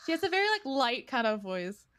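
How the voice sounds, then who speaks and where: A woman streamer chatting casually in a high, bright voice. She is giggly and a little sheepish, with a very lively, swooping pitch. The sound is dry and close. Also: brisk, no echo. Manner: giggly, sheepish, often laughing. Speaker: guest streamer.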